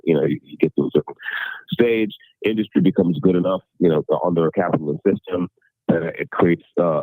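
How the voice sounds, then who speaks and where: Very deep-voiced man with halting speech. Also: slightly rough, no echo. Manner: halting, many repeated words and restarts. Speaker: interview guest. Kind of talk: casual conversational explanation. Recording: tinny phone-like remote call audio.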